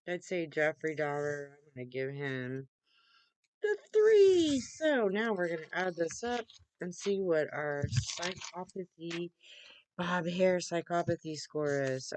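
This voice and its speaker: A woman's voice: measured pace, slight background noise. A young woman vlogging casually from home, chatty and rambling, laughing easily. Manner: baby-talks to her cat in a high voice. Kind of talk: off-the-cuff casual vlog. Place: at home with her computer.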